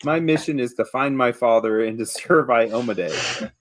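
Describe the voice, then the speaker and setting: A man's voice: mid-range voice, unhurried, no room sound, natural voice. A man voicing an earnest young male warrior who stammers when embarrassed. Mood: flustered. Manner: stammering, flustered.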